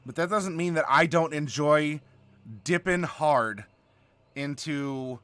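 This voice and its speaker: A man with a slight Southern American accent, hosting a casual chat in a playful, animated way with frequent laughter. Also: a little high, measured pace, clear, resonant tone, no echo. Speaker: host.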